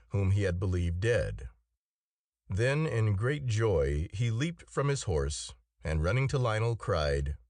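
A man narrating an old tale in a measured, expressive reading. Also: on the low side, no echo, clean studio sound. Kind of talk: storybook narration.

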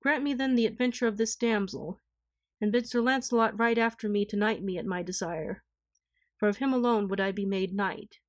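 A woman's voice: medium pitch, moderate pace, dry recording, lightly acted. A woman voicing a humble, steadfast young knight in a storybook reading. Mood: earnest. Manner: earnest, resolute.

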